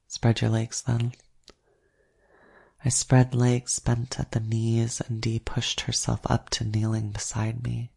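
A narrator reading a first-person erotic story aloud in a slow, hushed manner that often drops to a whisper. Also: mid-range voice, creaky, breathy edge.

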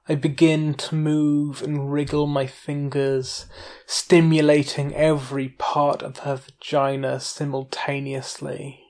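A narrator reading a first-person erotic story in an unhurried, intimate way. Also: medium pitch, creaky.

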